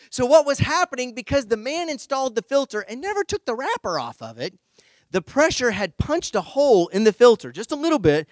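High-voiced man preaching with animated stories. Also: dry recording. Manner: animated, humorous storytelling. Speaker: pastor. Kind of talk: conversational sermon with personal story.

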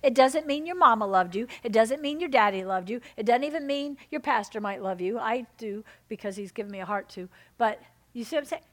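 Lady pastor preaching, kinda high voice, gets loud then goes soft and quiet. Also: a little fast, hardly any pauses. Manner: emphatic, swings between loud exhortation and soft intimate lines. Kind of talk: sermon.

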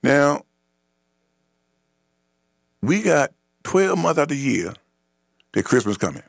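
A man's voice: on the high side, very animated, slow, gravelly, no echo, clean studio sound. A man hosting a radio talk show, delivering an emphatic, repetitive opinion monologue.

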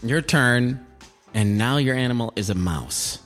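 A man co-hosting a podcast, excitable and jokey, laughing often in casual chat. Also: medium pitch, a little slow, soft background music. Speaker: podcast co-host.

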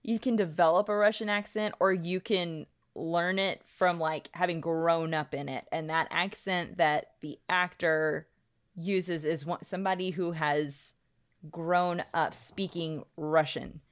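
Firm-talking woman co-host, low voice. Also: steady tone, unhurried. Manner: firm, argumentative, many restarts. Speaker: podcast co-host. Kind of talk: casual panel discussion.

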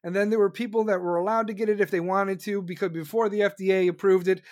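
A host goes on a profane, heated rant, swearing constantly and dripping with sarcasm. His middle-pitched, darkish voice holds a fairly even intonation as he talks fast, hammers the same points repeatedly, and slips into mocking impressions of officials.

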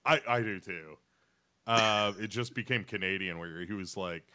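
A man's voice: lowish voice, moderate pace, pushed and bright, clear, resonant tone, no room sound. A man co-hosting a podcast in casual chat, joking and rambling through recaps with lots of fillers. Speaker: podcast co-host.

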